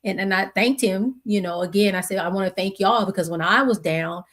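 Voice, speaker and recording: A woman's voice: medium pitch, brisk, a bit bright. A woman in her forties hosting a podcast, telling a personal story in a reflective, conversational way, acting out quotes and restarting her sentences. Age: 40s. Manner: conversational, searching, with many restarts and acted-out quotes. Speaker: podcast host.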